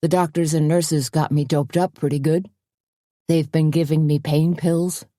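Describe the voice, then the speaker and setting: A woman's voice: deep voice, fairly even intonation, measured pace, dark tone, no room sound, studio quality. A woman reading an audiobook, voicing a dim-witted, folksy man laid up with a broken leg, talking in slang. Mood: goofy.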